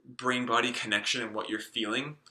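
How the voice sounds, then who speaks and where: A man's voice: medium pitch, fairly even intonation, a little fast, bright, forceful tone, roomy sound. A man in his late twenties explaining a self-help topic in a casual, rambling way, full of fillers and restarts. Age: 20s. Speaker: self-help video host.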